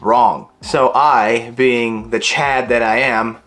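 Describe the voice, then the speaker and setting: A man's voice: mid-range voice, slow pace. A young man in his twenties from Illinois, telling a story in a casual vlog and acting out the dialogue. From Illinois, USA. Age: 20s. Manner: animated, acts out the dialogue.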